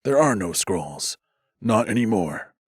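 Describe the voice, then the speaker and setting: A man's voice: on the low side, big pitch swings, slow pace, breathy edge, dry recording, exaggerated voice. A man voicing a dry-witted, smirking mage who speaks plainly.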